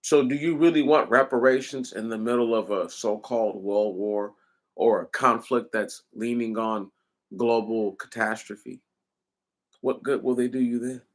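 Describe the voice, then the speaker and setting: A man's voice: mid-range voice, fairly even intonation, measured pace. A man delivering an impassioned commentary, hammering his points with repeated rhetorical questions in a preaching cadence.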